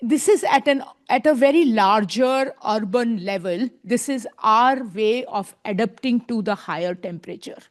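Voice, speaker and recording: A woman's voice: on the high side, moderate pace, hardly any pauses. A woman speaking as a conference panelist, emphatic and repeating her points, often adding a questioning tag.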